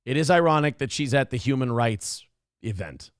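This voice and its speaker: A man's voice: mid-range voice, animated, moderate pace, no echo, clean studio sound. A male show host giving blunt, profane, mocking commentary on a livestream.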